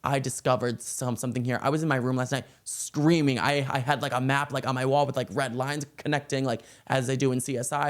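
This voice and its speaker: A man excitedly breaking down celebrity gossip in a vlog, gushing and reading song lyrics aloud. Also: medium pitch, fairly quick, few pauses. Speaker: pop culture commentator.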